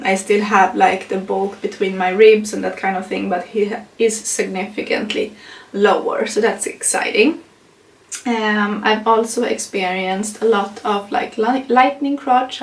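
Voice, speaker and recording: Recorded from a distance in an echoey room, a young woman vlogs a casual pregnancy update, laughing often and leaning on fillers. English isn't her first language, and her medium-pitched voice carries vocal fry.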